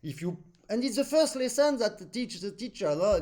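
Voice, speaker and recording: During an accordion lesson, this high-voiced teacher speaks at a normal pace, offering lively coaching in non-native English shaped by his native French. He hums musical phrases to show what he means.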